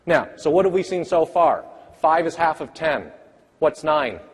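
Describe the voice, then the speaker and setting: A man's voice: fairly high pitch, breathy edge. Man quizzing a crowd in a reverberant hall. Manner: energetic, rapid-fire quizzing of the audience. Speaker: math education presenter. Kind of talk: interactive conference workshop talk. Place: large conference hall.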